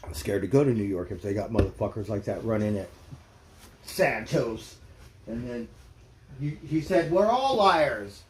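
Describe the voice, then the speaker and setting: Profane, ranting man with a mellow voice. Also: lowish voice, moderate pace, pauses often, a little hiss or hum. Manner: profane, blunt, heated. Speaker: livestream host. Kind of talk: casual ranting commentary. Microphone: streaming mic.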